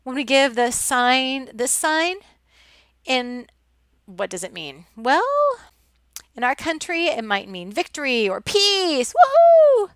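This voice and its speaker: Midwestern lady instructor lecturing over slides, kinda high smooth voice, lots of ums. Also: animated, slow, a bit bright, no room sound. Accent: Midwestern American. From American Midwest. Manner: chatty, many ums and restarts. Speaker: college instructor.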